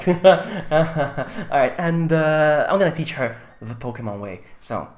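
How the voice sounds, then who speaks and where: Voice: mid-range voice, slow, echoey room. A game streamer chatting casually on a live stream, giggly and greeting viewers by name.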